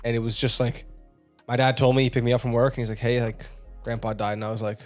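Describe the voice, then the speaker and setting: A man's voice: medium pitch, little pitch movement, quick pace. Young man, podcast co-host, joking banter, hesitant storytelling, faint music. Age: 20s. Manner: joking banter, hesitant when telling his own story. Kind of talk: casual chat.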